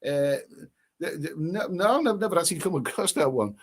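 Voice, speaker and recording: A man hosting a livestream, reading out viewer comments in casual, rambling chat full of halting restarts and sarcastic asides. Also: on the high side, expressive, slightly rough.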